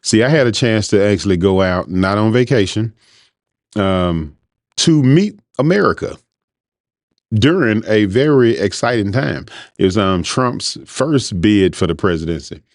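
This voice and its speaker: Male host, low voice, informal rambling monologue, dry close recording. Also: lively intonation, a little slow, no echo. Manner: rambling, conversational, informal speech. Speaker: podcast host. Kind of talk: casual monologue.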